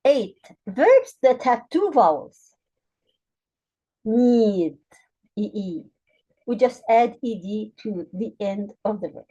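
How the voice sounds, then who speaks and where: A woman with an Arabic accent teaches English grammar to learners, speaking slowly and deliberately as she spells out letters and clearly repeats example words. Her mid-range voice has lively intonation and a dark tone, and the recording's highs are cut off.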